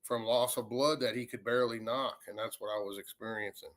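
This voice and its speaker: A man with a drawl recounts a haunting in loose, rambling storytelling. His voice is bright and forward, and he acts out the quoted lines as he goes. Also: mid-range voice, fairly quick. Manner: rambling, animated retelling with acted quotes. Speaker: paranormal investigator. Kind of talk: casual storytelling.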